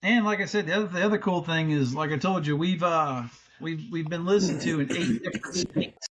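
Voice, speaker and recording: A man's voice: a little high, brisk, fairly bright tone, slight background noise. A middle-aged man co-hosting a podcast in casual chat, rambling and restarting, swearing freely. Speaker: podcast co-host.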